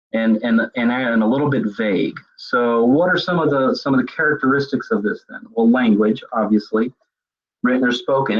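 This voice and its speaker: A man's voice: mid-range voice, husky. A man presenting a recorded web seminar on leadership, explaining ideas as he thinks them through. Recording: dull lo-fi web seminar audio.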